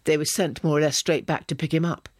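A man reading an audiobook, voicing a young woman spy who is calm, cutting and quietly threatening. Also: fairly high pitch, quick pace, no echo, clean studio sound, natural voice. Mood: pressing.

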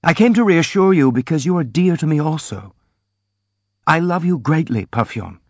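A man reading the part of an earnest, gentle young prince in an audiobook, in a soft, pleading way, recorded dry and slightly dull. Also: fairly high pitch, expressive, moderate pace, dry recording, pitched above the performer's own voice.

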